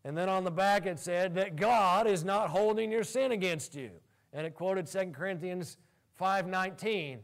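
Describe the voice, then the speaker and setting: A male pastor preaching a sermon in an animated way, laughing often as he talks. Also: high-pitched, moderate pace.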